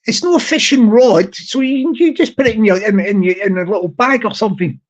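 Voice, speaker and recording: A YouTube host with a high-pitched voice talks fairly quickly in a casual, rambling chat with his viewers, repeating words and searching for the right ones. He chuckles often and jokingly mimics shouted lines. The audio is dull and lo-fi.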